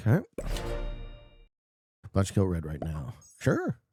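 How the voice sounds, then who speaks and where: A man streaming a strategy board game, chatting casually with viewers and swinging from low murmurs to loud shouts. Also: wildly swooping pitch, takes it slowly, soft background music. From Canada.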